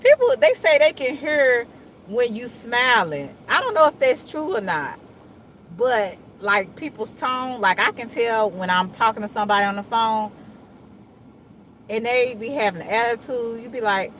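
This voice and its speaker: Animated woman chatting in a car. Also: medium pitch, normal speed, slight background noise, poor audio. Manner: chatty, animated, acts out other people's voices. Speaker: vlogger. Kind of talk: casual chat while driving. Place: inside a moving car.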